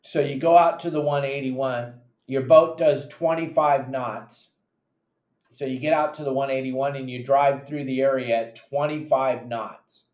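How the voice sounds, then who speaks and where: Animated fishing captain in an echoey room. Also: male voice, mid-range voice, a little slow. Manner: animated, acts out friends' voices in quotes. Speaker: fishing podcast host and charter captain. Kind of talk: casual fishing advice talk.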